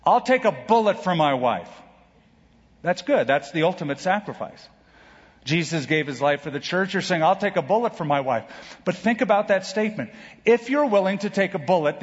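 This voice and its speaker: Male pastor, emphatic sermon, dramatic pauses, higher-pitched voice, long hall reverb. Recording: dull reverberant hall recording.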